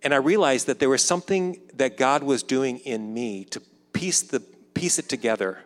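A man in his fifties telling a personal story in a conversational way, acting out the dialogue and dropping softer when reflective. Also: mid-range voice, lively intonation, normal speed. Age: 50s. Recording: long hall reverb.

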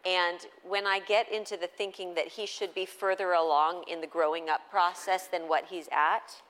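A woman in her thirties chats with a live audience about parenting, acting out conversations with her kids. Her voice sits fairly low and has a fairly bright tone.

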